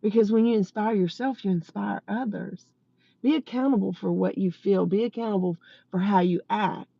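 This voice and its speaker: A woman's voice: medium pitch, normal speed, vocal fry, breathy edge, no room sound, highs cut off. A woman talking to viewers in an earnest, repetitive, encouraging way on a live stream from outside her workplace. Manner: earnest, repeats herself, talks to viewers directly. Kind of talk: casual inspirational monologue.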